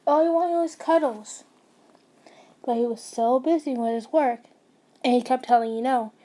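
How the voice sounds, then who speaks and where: Mellow-voiced young woman telling a story. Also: sits high, normal speed. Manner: reads with slips and restarts, chatty asides to listeners. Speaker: fan fiction narrator. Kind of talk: casual storytelling reading.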